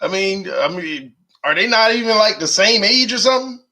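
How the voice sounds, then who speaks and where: A man hosting a casual live stream, animated and laughing often as he reads viewer comments aloud. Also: sits high, normal speed. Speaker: live-stream host reading chat.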